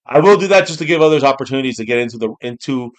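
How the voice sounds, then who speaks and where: A man hosting a live football watch-party stream, reacting to plays with excitement and frequent swearing. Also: mid-range voice, racing. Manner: excitable, swears freely, shouts on big plays.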